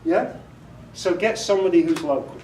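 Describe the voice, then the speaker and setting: A man's voice: sits high, normal speed, mellow. British man, audiobook director, casual workshop talk, joking, quizzing the audience, distant mic, echoey room. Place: meeting room with a small audience. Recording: echoey room, voice far from the mic, faint noise.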